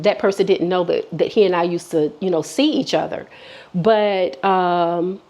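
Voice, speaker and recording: A woman vlogger telling a personal story in casual chat, candid and chatty, often acting out what people said. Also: medium pitch. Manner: candid, chatty, many fillers and restarts, quotes people.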